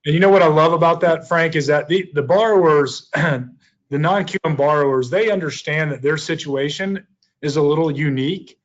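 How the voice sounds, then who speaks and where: A man hosting a webinar, chiming in with quick agreements and leading to the next topic. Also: a little high, lo-fi sound. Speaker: webinar host. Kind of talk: webinar conversation.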